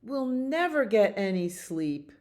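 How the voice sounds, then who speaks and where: A woman voicing a worried little beaver from a picture book in a high, squeaky storytime voice. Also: sing-song, slow, darkish tone.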